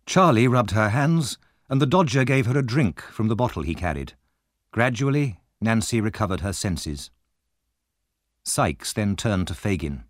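A man reading a storybook chapter aloud in a measured, expressive way. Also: lowish voice, dry recording, clean studio sound. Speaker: audiobook narrator. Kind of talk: scripted storybook narration.

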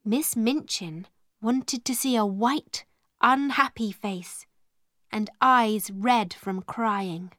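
Woman narrator, storybook read-aloud, very slow and measured, slightly high voice, dry close recording. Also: a bit bright, no room sound. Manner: slow, clear, measured reading.

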